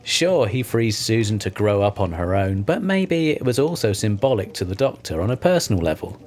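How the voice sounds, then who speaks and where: Low-voiced, wry podcast host. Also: male voice, sing-song, normal speed, darkish tone. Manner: wry, teasing. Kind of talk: casual chat, reading a listener message.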